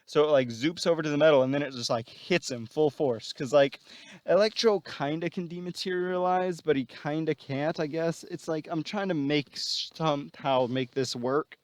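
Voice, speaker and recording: A man's voice: fairly high pitch, moderate pace, no room sound. A man casually retelling a story plot, rambling and full of fillers.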